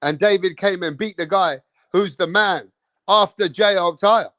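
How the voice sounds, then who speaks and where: A high-pitched man holds forth on a casual live stream, brash and profane, taunting rival fans and leaning on "bro" at the end of his lines. He talks slowly and keeps circling back to the same phrases. The sound is dry and close, with no room around it. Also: fairly bright tone, no room sound. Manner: repeats phrases, peppered with "bro". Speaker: boxing livestream host. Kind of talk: casual live commentary to a chat.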